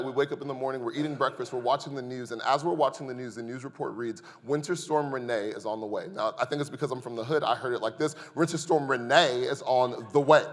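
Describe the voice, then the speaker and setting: A man preaching a sermon as the church's pastor, telling a humorous personal story and joking with the congregation. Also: medium pitch. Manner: lively, joking storyteller who addresses the congregation. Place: church sanctuary. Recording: long hall reverb.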